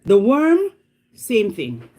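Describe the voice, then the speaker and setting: Animated Jamaican woman telling stories. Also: mid-range voice, drawn-out words. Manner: animated, dramatic, exclamatory storytelling. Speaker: vlogger. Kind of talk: casual storytelling chat.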